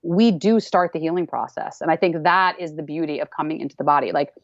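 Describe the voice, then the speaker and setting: A woman's voice: deep voice, fast talker, no echo. A woman dance teacher talking in a casual interview, emphatic and repeating phrases for weight. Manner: emphatic, repeats phrases, acts out people's voices. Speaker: dance teacher, podcast guest. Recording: dull, slightly lo-fi, dry sound.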